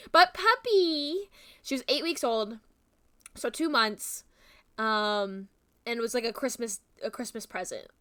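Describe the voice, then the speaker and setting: A woman's voice: on the high side, bright, forceful tone. A young woman streamer gushing and rambling with fillers in casual stream chat.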